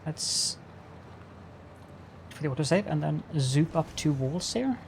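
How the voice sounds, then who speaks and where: Male streamer, live gameplay chat, raspy-edged tone, playful mock-formal greetings. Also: a little high, lively intonation, slow, slight background noise. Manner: chatty, talks to himself while building. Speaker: game streamer.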